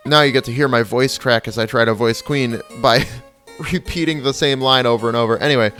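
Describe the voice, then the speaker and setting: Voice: mid-range voice, fairly quick, few pauses, a bit bright, faint music behind. A gamer giving casual, offhand, slightly sardonic commentary while playing. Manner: chatty, offhand, a bit sardonic. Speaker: let's play gamer.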